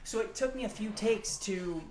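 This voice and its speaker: A man's voice: high voice, normal speed, a loud crowd. A man, an actor, chatting casually and animatedly about his past work, repeating words for emphasis. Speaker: actor guest. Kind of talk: casual chat reacting to his own clips. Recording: roomy, off-mic sound.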